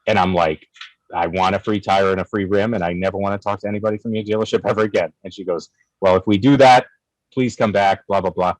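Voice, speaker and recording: Man, young, low-pitched voice, animated storyteller, swears freely, dry close recording. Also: fast talker, no echo, low-quality recording. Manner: animated, profane, acts out both sides of arguments. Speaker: guest, cigar company figure. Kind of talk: casual storytelling.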